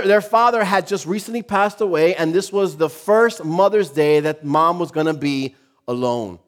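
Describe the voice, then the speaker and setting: A man preaching a sermon, telling a funny story and joking with his congregation, often repeating himself as he goes. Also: high-pitched. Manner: lively, joking, talks to the congregation; halting, repeats words.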